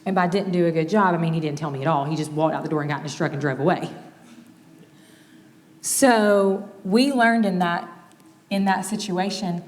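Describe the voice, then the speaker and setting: A woman's voice: lowish voice, moderate pace. Candid woman teaching in a reverberant hall. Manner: candid, animated, acts out quoted exchanges. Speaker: speaker teaching on marriage. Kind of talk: conversational teaching talk. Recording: long reverb of a large hall.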